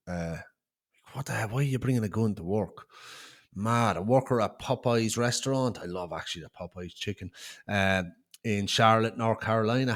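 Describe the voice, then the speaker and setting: A man hosting a true crime channel, talking casually through news headlines with many fillers and blunt reactions. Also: on the low side.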